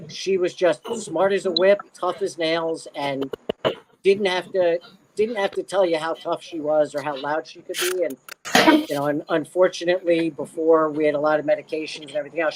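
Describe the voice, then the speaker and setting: A man's voice: a little high, a little hiss or hum, rough recording. A middle-aged man from Maryland, a podcast guest telling stories in a rambling, casual way. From Maryland, USA. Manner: rambling, with many fillers and restarts. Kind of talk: casual storytelling chat.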